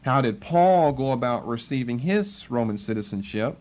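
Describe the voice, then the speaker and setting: A man's voice: medium pitch, lively intonation, moderate pace, a little mellow. A man teaching a Bible lesson, explaining the text and acting out the tone of the people he quotes. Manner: explanatory, acts out the tone of quoted speakers.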